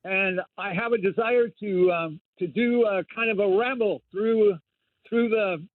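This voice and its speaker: A man's voice: sits high, a little slow, no echo. A male caller to a radio show, talking in an enthusiastic, rambling way. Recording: dry, narrow phone line.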